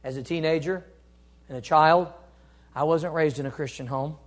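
A middle-aged man preaching a sermon, earnest, swinging between loud urging and quiet asides. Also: on the high side, steady tone, normal speed, long pauses. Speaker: pastor.

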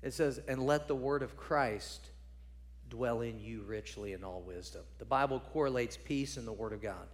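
A man preaching a sermon, building to loud emphatic peaks and dropping to quiet, low points. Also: moderate pace. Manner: drops to low quiet tones on key points.

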